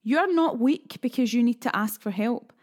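A woman's voice: a little high, expressive, moderate pace, darkish tone. A Scottish woman hosting a self-help podcast as a coach, talking in a frank, chatty way with sassy asides. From Scotland.

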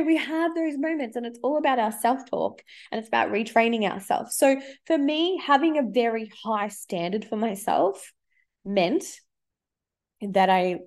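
A forthright woman coach in her thirties talks openly and swears casually. Her voice sits a little high for a woman, and she speaks in a loose, chatty podcast manner. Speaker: life coach.

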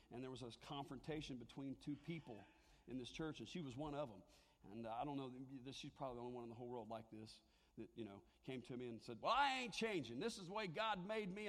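Speaking from a church sanctuary, a pastor with a slightly mellow, mid-range voice delivers a sermon that echoes through the large hall. He keeps it conversational with his congregation and jokes with them along the way.

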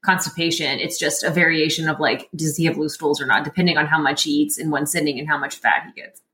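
A woman guest in a casual interview, talking in an animated way and often laughing as she explains. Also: low voice, fast, reverberant.

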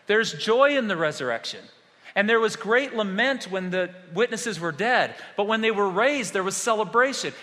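Bright-voiced man preaching in a hall. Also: a little high. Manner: animated preaching, swings between hushed and loud. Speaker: pastor. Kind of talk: sermon.

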